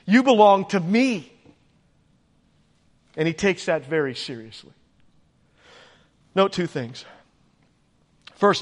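A man preaching a sermon to his congregation, emphatic, rising for stress and asking the room questions. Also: high-pitched. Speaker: pastor. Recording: echoey church hall with long reverb.

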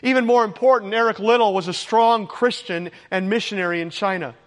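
A man's voice: high-pitched, fairly quick. A man preaching a sermon, earnest and exhorting, at times emotional. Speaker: pastor. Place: church sanctuary. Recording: long hall reverb.

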